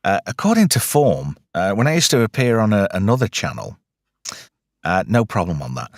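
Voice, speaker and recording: A man's voice: on the low side, sing-song, normal speed, dry recording, studio quality. A British man hosting a film review chat, rambling and joking, often restarting his sentences. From United Kingdom. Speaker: podcast host.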